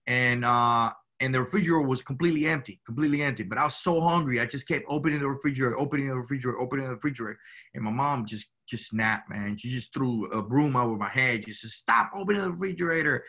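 A man's voice: mid-range voice, quick pace, bright, forceful tone. A man from Cuba, a guest, telling his family story in a rambling, casual way, often saying "you know" and "man".

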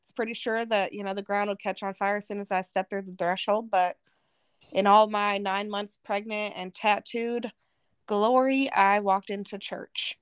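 A woman's voice: mid-range voice, fairly even intonation, moderate pace, smooth, no room sound. A woman from Arizona, a podcast guest, telling her personal testimony in an earnest, emotional way.

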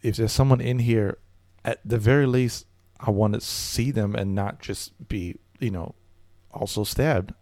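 A man's voice: on the low side, a little slow, few pauses, darkish tone, no echo. A man telling a comedic story in casual chat, rambling and hesitant, with stammering restarts. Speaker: storyteller guest.

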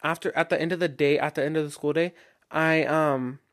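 A man's voice: fairly high pitch, fairly even intonation, fairly quick. A young man in his late teens hosting his own podcast, talking casually in a rambling way, full of fillers and restarts. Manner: rambling, chatty, heavy filler "like", frequent restarts. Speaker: podcast host. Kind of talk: casual solo podcast monologue.

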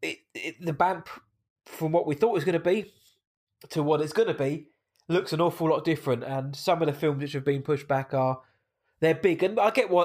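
A man's voice: fairly high pitch, a little mellow. A British man co-hosting a casual movie podcast, a bit nasal from hay fever, chatty and enthusiastic. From Britain. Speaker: podcast co-host.

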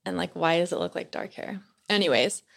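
A woman's voice: on the low side, brisk, creaky. A young woman telling a personal story in a casual chat, peppering her talk with "like" and retelling scenes with animation. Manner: chatty, heavy use of "like", animated retelling.

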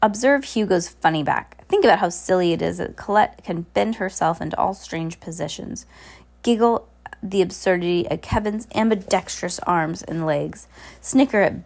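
A woman reading aloud and voicing a scheming male villain who leads a troupe, with a low, gravelly voice and a few slips. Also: moderate pace, a little mellow. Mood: gloating.

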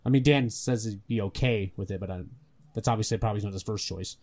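A young man co-hosting a gaming podcast in casual chat, animated and swearing often. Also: lowish voice, fast. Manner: animated, swears a lot, mocks characters in put-on voices. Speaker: podcast co-host.

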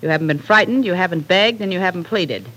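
A woman's voice: lowish voice, fast talker, fairly bright tone, low-quality recording. An actress playing a cruel woman villain who gloats over her captive in a 1940s radio drama, mocking and sneering. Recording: faint hiss of an old radio broadcast.

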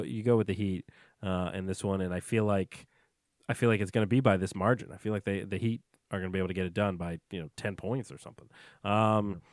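A man's voice: fairly low pitch, no echo, clean studio sound. A young man co-hosting a podcast, chatting casually and jokingly about sports with frequent fillers. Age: young adult. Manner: laid-back, joking, hesitant fillers. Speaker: podcast co-host.

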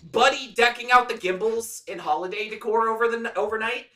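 A man's voice: very high-pitched, brisk, sharp tone, echoey room, distant mic. A man co-hosting a podcast, reviewing a film in casual, profane, enthusiastic chat. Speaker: podcast co-host.

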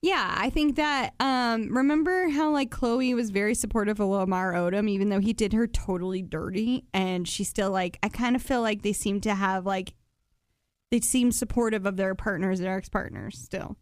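A woman's voice: mid-range voice, normal speed, clear, resonant tone, dry recording. Woman, co-host, casual pop-culture chat, wry, chatty, dry close sound. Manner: chatty, wry, frequent "like" fillers. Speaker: podcast co-host.

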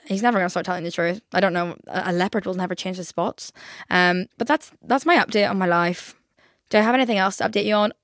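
A woman's voice: medium pitch, fast talker, fairly bright tone, no room sound, studio quality. Chatty young woman podcaster. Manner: chatty, frequent "like" fillers, swears casually. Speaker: podcast host. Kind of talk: casual solo chat.

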